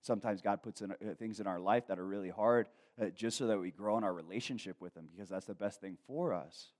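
A man's voice: fairly low pitch, quick pace. A man preaching a conversational sermon, reading scripture and then talking to the congregation casually, acting out voices from everyday life. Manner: conversational preaching with asides and laughs; animated, acts out quoted voices. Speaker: pastor.

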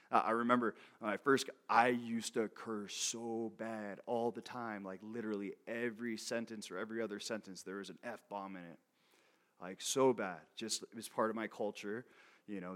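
A man's voice: lowish voice, a bit bright. A man preaching a sermon in a casual, conversational way. He often checks in with "okay?", laughs between points and repeats words as he restarts. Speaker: pastor.

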